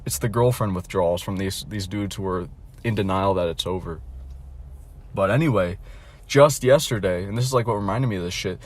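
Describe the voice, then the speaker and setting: In a low-pitched, brisk voice, a young male vlogger tells a rambling storytime rant. He mocks bluntly, restarts often, leans on fillers, and swears a lot.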